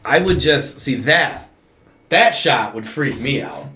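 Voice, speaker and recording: Lively man with a bouncing pitch. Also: slow pace. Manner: lively, acts out what others said. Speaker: podcast co-host. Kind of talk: casual chat. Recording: roomy echo, faint hiss.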